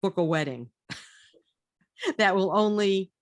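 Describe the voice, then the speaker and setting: A woman's voice: medium pitch, animated, takes it slowly, dry recording. Chatty woman with a dry, close sound. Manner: chatty, rambling, with frequent restarts. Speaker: storyteller recounting a trip. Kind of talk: casual travel story chat.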